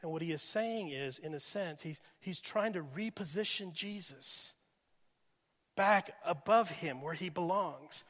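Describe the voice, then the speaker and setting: A male pastor preaching a sermon with dynamic delivery, moving from loud emphasis to hushed near-whispers. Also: fairly high pitch, unhurried. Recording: reverberant hall.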